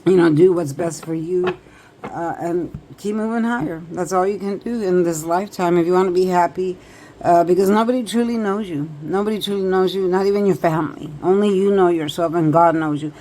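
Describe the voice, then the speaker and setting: A woman's voice: fairly low pitch, a little fast, mellow, slight background noise, poor audio. A woman tarot reader talking directly to viewers in a casual, emphatic, repetitive way. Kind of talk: casual advice monologue to viewers.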